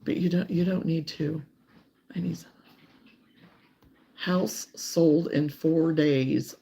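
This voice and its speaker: A woman hosting a casual crochet livestream, chatting warmly and reading out viewer comments, sometimes close to tears. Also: deep voice, steady tone, takes it slowly, vocal fry. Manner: warm, emotional, reads viewer comments aloud.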